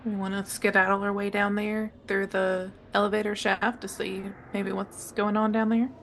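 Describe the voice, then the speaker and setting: A woman's voice: mid-range voice, little pitch movement, moderate pace, slight background noise. A woman playing a tabletop role-playing game, chatty and playful. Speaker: player.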